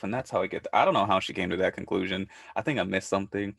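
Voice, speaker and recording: A man's voice: fairly low pitch, brisk, creaky, hardly any pauses, husky, dry recording, studio quality. A man co-hosting a podcast, recapping a show in casual chat and retelling scenes with quoted voices. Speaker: podcast co-host.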